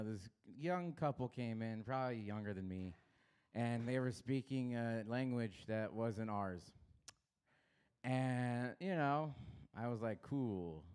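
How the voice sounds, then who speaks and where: A young man from Los Angeles doing a crude stand-up set, baiting the crowd and swinging his pitch up and down. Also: a little mellow, clean tone. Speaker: stand-up comedian. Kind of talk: stand-up set at an open mic.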